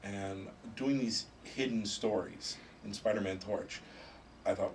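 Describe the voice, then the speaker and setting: A man guest in a casual interview, retelling stories in an animated, excited way with casual swearing. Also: fairly low pitch, slow pace, recorded from a distance, a little hiss or hum. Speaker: comic book writer guest.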